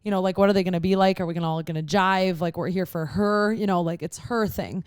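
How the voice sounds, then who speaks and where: A woman's voice: lowish voice, steady tone, fast, smooth, dry recording, studio quality. A young woman hosting a podcast, telling a rambling story in casual chat and saying "like" a lot. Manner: rambling storyteller, heavy use of "like". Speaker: podcast host.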